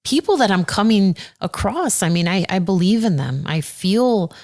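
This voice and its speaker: A woman who is a circuit judge, talking earnestly and warmly as a podcast guest, getting animated when she quotes people. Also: medium pitch, moderate pace. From Aurora, Illinois. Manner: earnest and heartfelt, animated when quoting others. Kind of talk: casual interview conversation.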